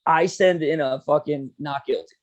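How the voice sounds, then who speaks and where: A man's voice: on the high side, moderate pace. A young man and podcast host telling a long story in a laid-back, profane way, full of "dude" and "you know". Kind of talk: casual storytelling chat.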